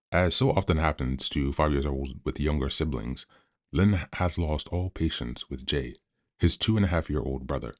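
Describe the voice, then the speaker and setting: Man, extremely low voice, calm, measured, reads a book aloud, podcast host.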